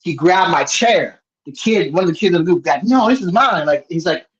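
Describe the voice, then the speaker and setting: A man's voice: on the high side, fairly quick. Rambling man with a muffled sound. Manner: rambling, animated, many restarts. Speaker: host. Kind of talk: casual storytelling chat. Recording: dull lo-fi sound.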